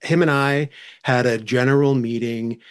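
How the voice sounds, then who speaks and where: A man's voice: mid-range voice, fairly even intonation, moderate pace, clear, resonant tone. A man from Canada, a guest writer talking from his home over a video call, rambling with many fillers and restarts.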